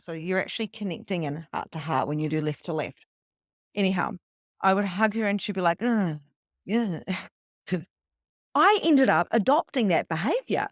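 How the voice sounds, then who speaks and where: A woman's voice: mid-range voice, dry recording, clean studio sound. A middle-aged woman, earnestly teaching a wellness session in a conversational way, sometimes acting out little stories. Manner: earnest, conversational, with acted-out anecdotes. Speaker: spiritual coach.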